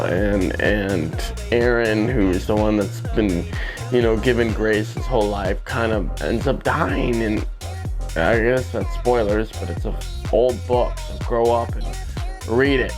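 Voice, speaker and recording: A man in his studio, talking casually and rambling with jokey asides while he paints. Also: lowish voice. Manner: rambling, loose, lots of "like" and restarts, jokey asides. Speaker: painter and video host. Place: art studio.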